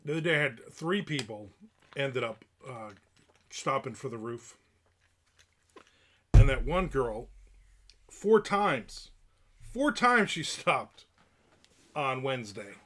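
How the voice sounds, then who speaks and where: A man's voice: medium pitch, very animated, takes it slowly, long pauses, fairly bright tone. A middle-aged man livestreaming, grumbling and ranting in casual chat about strangers near his house. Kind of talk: casual live-stream rant.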